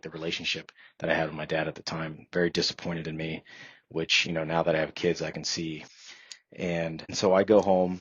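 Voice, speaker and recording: A man's voice: extremely low pitch, breathy edge, no echo. A man in his thirties, a podcast guest, telling a personal story in an earnest, reflective way with many fillers. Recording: dry, slightly dull podcast audio.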